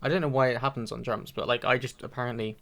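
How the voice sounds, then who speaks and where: A man's voice: mid-range voice, steady tone, quick pace, creaky, a bit bright. A young man co-hosting a podcast, rambling casually and repeating words as he thinks. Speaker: podcast co-host. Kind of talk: casual chat.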